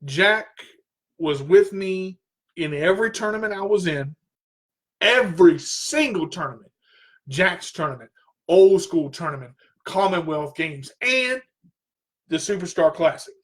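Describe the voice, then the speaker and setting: This talk radio host's high, fairly bright voice has lively intonation, a measured pace, and long pauses. He tells a personal story earnestly, repeating himself and straining his voice when agitated.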